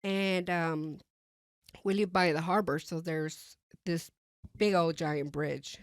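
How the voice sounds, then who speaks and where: A woman with a somewhat low voice tells her personal testimony as a guest in conversation. She talks haltingly, full of fillers and restarts, and drops her voice softly when she re-enacts what she thought. The sound is close and dry, with no room around it. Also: steady tone, dry recording.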